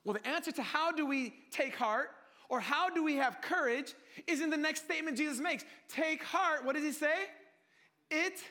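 High, bright-voiced man preaching a sermon. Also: fairly quick. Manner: animated and joking, calls the listeners "family"; swings from hushed to loud.

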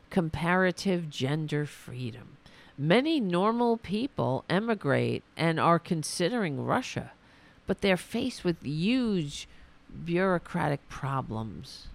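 A woman with a low, gravelly voice, taking her time as she scolds and rants about politics. She sounds indignant and a little hoarse, as if her voice is wearing out. Her words come out slow and deliberate. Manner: indignant, scolding, swears, talks to her dog aside. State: losing her voice. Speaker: podcast host. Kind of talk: ranting political commentary.

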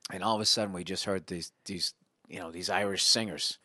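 Bright, animated storytelling man. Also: sits low, brisk, slightly rough, no room sound, clean studio sound. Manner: animated, profane anecdote-telling. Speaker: guest comedian. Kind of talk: casual podcast storytelling.

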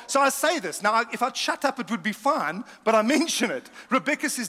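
Lively high-voiced preacher in a hall. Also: male voice, a little fast, hardly any pauses. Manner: lively storytelling with laughs and asides. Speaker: pastor. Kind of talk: humorous sermon.

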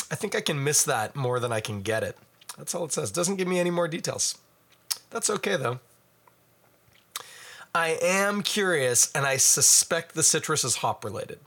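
A man's voice: fairly high pitch, very animated, normal speed, long pauses, sharp tone, slightly rough. A man giving a casual, rambling beer tasting review full of asides.

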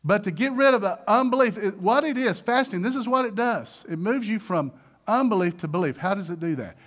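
Animated preaching man, high lively voice. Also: brisk. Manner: animated, acts out voices, swings loud and soft. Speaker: pastor. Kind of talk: sermon.

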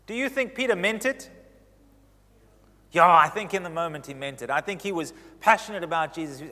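A man preaching in a large hall, and his voice trails off into a long reverb. His voice sits fairly high for a man. He gets animated, with sudden swings in pitch and loudness as he makes his points. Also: normal speed. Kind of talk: sermon.

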